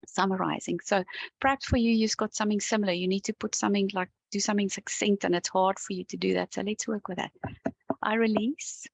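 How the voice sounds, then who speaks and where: A woman leads a tapping session in a calm, unhurried way, her voice gravelly and a little husky. She speaks close to a dry-sounding mic with no room echo, stopping now and then to yawn or sigh as she relaxes. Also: medium pitch. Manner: gentle, calm, talks the viewer through each step. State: yawning and sighing as she relaxes. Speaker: EFT tapping coach. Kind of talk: guided tapping session to camera.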